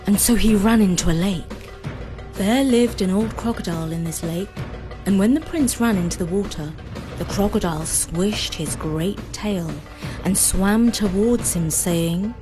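A woman narrating a fairy story in a measured, expressive reading. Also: mid-range voice. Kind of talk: scripted narration.

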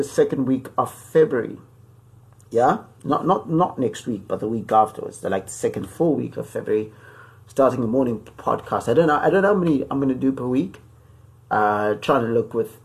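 A man hosts his own podcast in a casual, rambling monologue. His voice is gravelly and sits at an ordinary pitch, and he often stops and restarts as he talks. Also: darkish tone. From Zimbabwe. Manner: loose and rambling, with many pauses and restarts. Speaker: podcast host.

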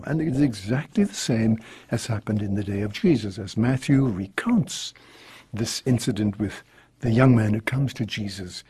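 A priest reading scripture and then giving an earnest, reflective homily. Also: male voice, medium pitch, mellow, slightly rough.

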